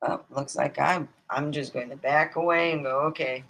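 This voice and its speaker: A woman's voice: low voice, fairly even intonation, moderate pace, creaky, fairly bright tone, rough recording. A woman from Nevada hosting a livestream, rambling casually, digressing, swearing freely and acting out quoted voices. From Nevada, USA. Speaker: livestream host.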